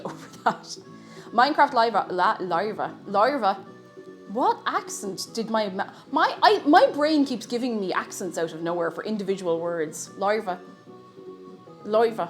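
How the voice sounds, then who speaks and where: Chatty woman streamer cooking live. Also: medium pitch. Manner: chatty, self-interrupting, playful. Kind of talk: casual live-stream chat while cooking.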